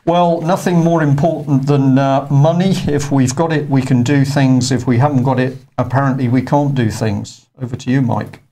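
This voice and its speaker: Guy hosting a news show, mid pitch, chatty, lots of ums and uhs. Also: steady tone, moderate pace, hardly any pauses, mellow. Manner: conversational, with frequent fillers and hesitations. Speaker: news presenter. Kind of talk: unscripted studio news commentary.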